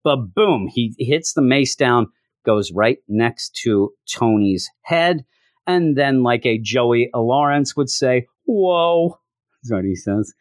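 A man's voice: mid-range voice, takes it slowly, dry recording, studio quality. A man giving a rambling, casual comic book review and often acting out the characters' lines as he goes.

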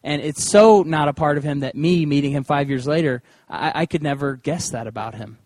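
Male preacher, chatty storytelling sermon, slightly higher voice, dry sound. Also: brisk, no room sound. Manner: conversational and animated, with acted-out quotes. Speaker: pastor. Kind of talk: sermon with personal stories.

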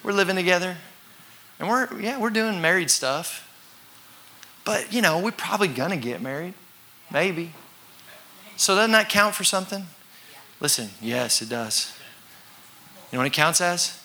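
A man preaching a sermon to a congregation, talking conversationally, acting out voices and sometimes shouting for effect. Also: high voice, expressive, a little slow, pauses often, slight background noise. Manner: conversational with congregation call-and-response. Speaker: pastor.

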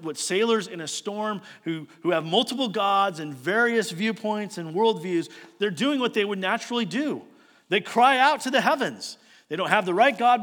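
A male pastor preaching a sermon, retelling the story with rhetorical questions and swings between loud emphasis and hushed asides. His voice sits a little high, and a long reverb trails it through a large hall.

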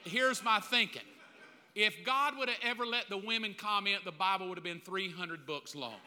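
A man's voice: high voice, normal speed, bright, forceful tone, a little hiss or hum. A middle-aged man preaching a sermon, telling the story with humor and acting out the voices of a crowd. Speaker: pastor. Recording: long reverb of a large hall.

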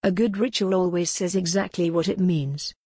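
Woman doing a blunt stern ritual guy, low-ish voice, dry close mic. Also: fairly even intonation, moderate pace, darkish tone, husky, no room sound. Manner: blunt, clipped. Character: curt, stern male ritual leader.

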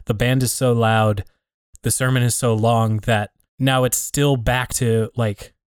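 A man in a relaxed conversation, thinking aloud about community and faith, often restarting and rephrasing as he works out his point. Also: mid-range voice, unhurried, clean tone, no echo, studio quality. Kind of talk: reflective casual conversation.

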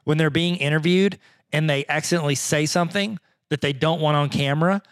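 A man's voice: a little high, steady tone, no room sound, clean studio sound. A man co-hosting a podcast, making jokes and bantering in casual chat. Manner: joking, teasing, quick banter. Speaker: podcast co-host.

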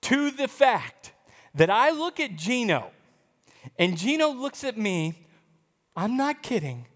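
A man pastor preaching a sermon, telling a story in an animated, emphatic way. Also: very high voice, slow pace, long reverb tail.

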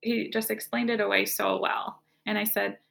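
As an interview guest, a woman tells her personal story in a casual, conversational manner, often saying "like." Her voice is medium-pitched, level, creaky, and a bit bright, at a moderate pace.

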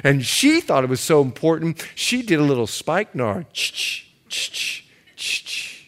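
Pastor, male, high-ish voice, very expressive delivery, playful loud-to-hushed swings. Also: normal speed. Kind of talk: sermon.

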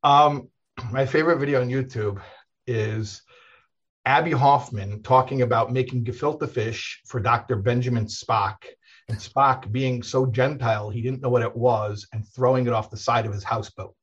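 Rambling, husky-voiced rabbi telling stories. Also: male voice, mid-range voice, fairly even intonation, normal speed, dull audio. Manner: rambling storyteller with many restarts and laughs. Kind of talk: casual conversation.

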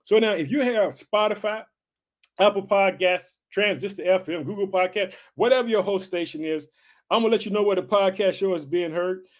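Male podcast preacher, forties, high-pitched and fervent, repetitive exhortations. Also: moderate pace. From United States. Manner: fervent, repetitive calls of hallelujah and family.

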